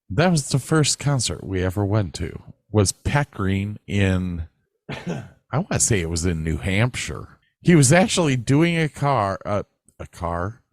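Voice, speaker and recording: A man's voice: on the low side, vocal fry, no echo, studio quality. A middle-aged man co-hosting a podcast, telling loose, rambling stories in a casual chat and swearing freely. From northern United States. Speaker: podcast co-host.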